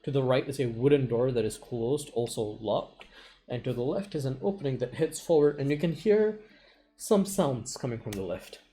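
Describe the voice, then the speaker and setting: A man's voice: medium pitch, lively intonation, normal speed, mellow, slight background noise. A man narrating and running a tabletop game as game master over an online call, laughing often and swearing casually.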